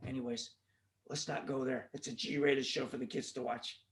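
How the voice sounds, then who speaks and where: A man's voice: mid-range voice, little pitch movement, normal speed. A man hosting a wrestling podcast, rambling casually with jokes, tangents and plugs for the show. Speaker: podcast host.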